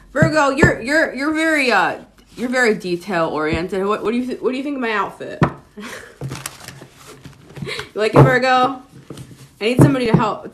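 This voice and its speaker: A woman's voice: medium pitch, background noise. A woman giving a casual livestream tarot reading, chatting with viewers and using lots of "like". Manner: chatty, talks to viewers, many "like"s.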